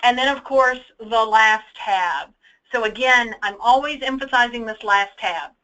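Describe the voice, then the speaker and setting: Bright-voiced woman leading a software webinar. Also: a little high, measured pace, rough recording. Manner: chatty, emphatic, checks in with "okay?". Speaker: data trainer. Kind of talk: webinar screen-share walkthrough. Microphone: computer mic for online webinar.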